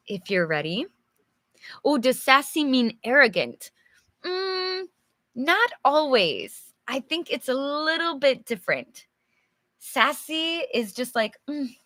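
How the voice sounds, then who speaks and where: A woman's voice: fairly high pitch, pushed and bright, no room sound, studio quality. A young adult woman teaching English on a live stream, reading a storybook and chatting patiently with viewers while explaining words simply. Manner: chatty, answers viewers' comments.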